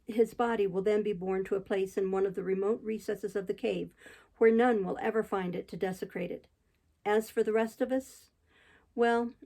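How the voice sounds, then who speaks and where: Woman, audiobook narration, gravelly, mellow, measured. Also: mid-range voice, poor audio. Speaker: audiobook reader.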